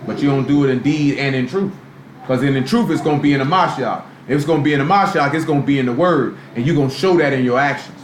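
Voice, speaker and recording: Talking fast in a medium-pitched voice, a man preaches a live sermon in a loose, street-style way full of rhetorical questions. It's a live stream from an echoey room with faint background noise.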